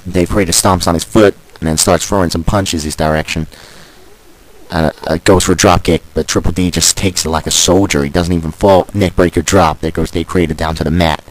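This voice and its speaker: Deep-voiced wrestling commentator. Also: male voice, low-quality recording. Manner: chatty, rambling asides and plugs. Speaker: wrestling commentator and show host. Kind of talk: video game wrestling commentary.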